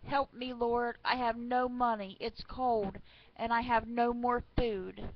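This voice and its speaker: A woman's voice: a little high, steady tone, slow. A woman voicing a devout little old lady who calls out to the sky, in a slightly muffled recording. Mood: pleading.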